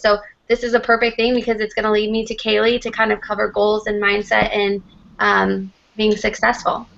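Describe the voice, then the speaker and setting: Woman, team leader; gravelly, flat delivery, muffled lo-fi call line. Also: medium pitch. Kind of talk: casual group call.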